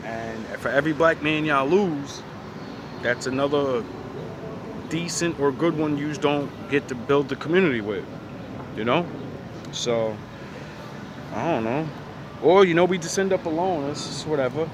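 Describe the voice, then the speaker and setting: A man's voice: fairly high pitch, unhurried, pauses often, noisy background. A man giving a blunt, profane, rambling opinion monologue outdoors by a street. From United States. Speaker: vlogger.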